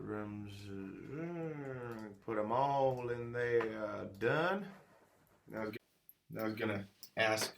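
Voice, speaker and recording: A man's voice: mid-range voice, gravelly, fairly bright tone, slight background noise. A man giving a casual how-to walkthrough of his own workflow, thinking aloud with many fillers and restarts, recorded on a phone. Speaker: music producer showing his workflow.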